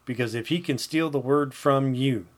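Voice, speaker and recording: A man delivers a podcast sermon in an earnest, emphatic voice of middle pitch. He repeats key phrases and checks in with his listeners as he teaches. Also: normal speed. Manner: earnest, repetitive, emphatic preaching with rhetorical "Okay?". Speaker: podcast host, Christian teacher. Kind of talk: preaching podcast talk.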